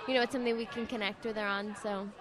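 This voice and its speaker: A shy young woman with an English accent, answering interview questions in a soft, hesitant way, full of fillers. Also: medium pitch, fairly even intonation, racing. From England. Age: young adult. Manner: shy, soft-spoken, trails off with many fillers. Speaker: singing contestant guest. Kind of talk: casual radio interview answers. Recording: crowd chatter at a busy event. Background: event crowd.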